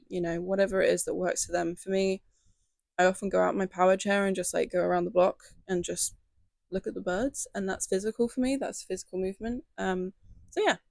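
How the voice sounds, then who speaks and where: A young woman talking casually to camera in a gentle, chatty way, full of fillers and little asides. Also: on the low side, creaky, no echo. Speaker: lifestyle video creator.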